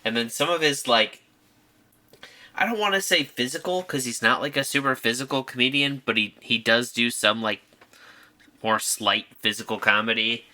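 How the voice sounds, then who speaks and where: Male podcast co-host, very bright sharp tone, loose filler-heavy storytelling. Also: medium pitch, moderate pace. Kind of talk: casual movie-review chat.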